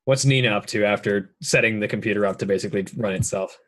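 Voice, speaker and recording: Halting man running a tabletop game. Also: on the low side. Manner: halting, filled with ums and restarts. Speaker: game master.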